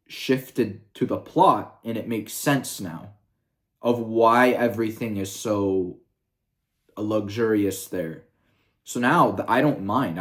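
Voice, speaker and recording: A man talking in a casual review vlog, rambling and swearing freely, with lots of "like" and "you know" fillers. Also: fairly low pitch. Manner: rambling and profane, heavy with fillers. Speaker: video reviewer.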